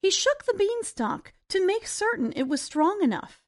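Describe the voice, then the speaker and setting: A woman narrating a children's storybook in a deliberate, expressive way. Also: very high-pitched.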